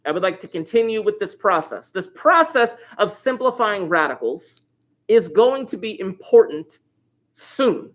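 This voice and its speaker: A man's voice: high-pitched, very animated, unhurried, a bit bright. A man teaching an algebra class over a livestream from his classroom desk, joking and teasing his students and chuckling often. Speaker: high school algebra teacher.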